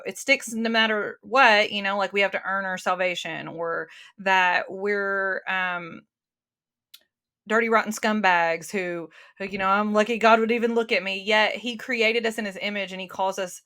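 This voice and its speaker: A woman's voice: mid-range voice, sharp tone. A woman guest talking earnestly and casually in an interview, with many fillers and restarts, over a remote call. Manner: earnest, talks from the heart.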